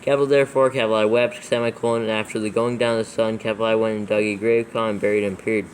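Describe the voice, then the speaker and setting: A man's voice: lowish voice, flat delivery, rapid-fire, a little hiss or hum, rough recording. A man reading scripture aloud for proofreading, steadily spelling out every punctuation mark and capital letter. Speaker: scripture reader in a proofreading session. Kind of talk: dictating text aloud with punctuation.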